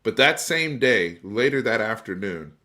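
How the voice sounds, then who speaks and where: A man's voice: lowish voice, lively intonation, a little slow, sharp tone. Guy hosting a sports live stream, emphatic, chatty, keeps restarting his words. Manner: emphatic and conversational, addresses viewers directly; repeats and restarts words when fired up. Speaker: sports talk show host.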